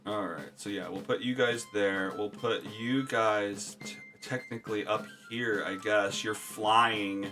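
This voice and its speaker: A man's voice: fairly low pitch, fairly even intonation, a little slow, over music. A man narrating a tabletop game as game master, with a hesitant delivery full of fillers.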